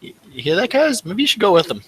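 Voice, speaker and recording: Spieler mit etwas hoher, trockener Stimme. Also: male voice, sits high, big pitch swings, rapid-fire, bright, forceful tone, a little hiss or hum. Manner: joking, wry. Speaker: player. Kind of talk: casual tabletop game chat.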